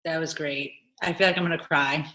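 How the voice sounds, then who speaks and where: A woman's voice: low-pitched, steady tone, brisk, pushed and bright, reverberant. Tearful woman hosting the call. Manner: emotional, tearful, laughing. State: crying. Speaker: host of the call.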